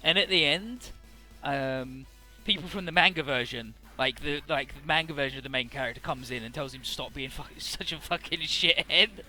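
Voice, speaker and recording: A man's voice: on the high side, moderate pace, sharp tone, faint music behind. A man hosting a let's play, summarizing the story in a rambling, profane and casual way. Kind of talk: casual game commentary.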